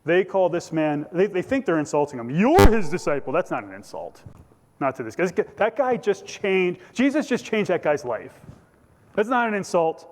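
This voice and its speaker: A man's voice: high-pitched, expressive, moderate pace. A man preaching a conversational, jokey sermon as pastor, acting out voices from the scripture. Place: church sanctuary. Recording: church hall reverb.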